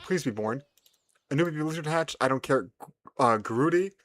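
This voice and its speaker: Animated, playful man commenting on a game. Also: a little high, a little fast, no room sound. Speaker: gaming video host.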